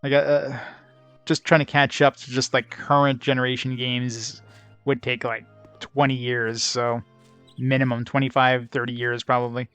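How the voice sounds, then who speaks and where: A man's voice: mid-range voice, flat delivery, normal speed, fairly bright tone, clear, resonant tone, no echo, faint music behind. A man hosting a let's play, giving casual, rambling and wry gameplay commentary. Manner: rambling, wry, filler-heavy.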